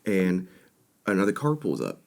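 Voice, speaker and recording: A young man with a fairly low voice tells a road story as a podcast co-host. He talks casually and gets animated as he acts out what people said. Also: vocal fry. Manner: animated, quick to act out quotes.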